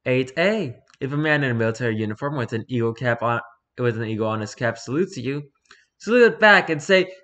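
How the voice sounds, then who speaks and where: A man reading a rules-style horror story aloud for his channel, lively, with occasional stumbles and restarts. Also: mid-range voice. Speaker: YouTuber reading horror stories.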